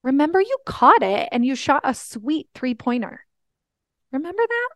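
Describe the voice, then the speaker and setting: A woman's voice: high-pitched, very animated, moderate pace, no echo, clean studio sound. A woman life coach hosting a podcast, telling family stories in an earnest, teaching way. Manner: earnest storytelling, reenacts family talks.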